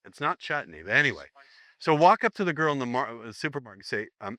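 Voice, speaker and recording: A man's voice: mid-range voice, very animated, quick pace, pushed and bright, dry recording. A man teaching a live seminar, joking and rambling as he acts out sample lines for the room. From United States.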